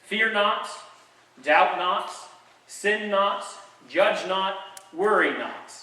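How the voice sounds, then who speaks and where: A man's voice: high voice, drawn-out words, pushed and bright. A man preaching a sermon as pastor, conversational and dotted with wry jokes. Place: church sanctuary. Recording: echoey sanctuary, mic at a distance.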